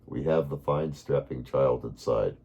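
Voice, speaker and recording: A man voicing a possessed male giant healer, speaking in a deep, thunderous, measured way. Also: mellow, slightly rough, dull audio, exaggerated voice. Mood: commanding.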